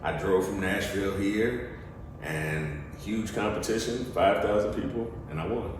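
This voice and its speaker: Brief: young male actor, low voice, lively storyteller, distant mic with background noise. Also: unhurried, heavy reverb. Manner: lively storyteller, acts out quotes. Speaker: guest, actor and studio co-founder. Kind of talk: animated storytelling interview.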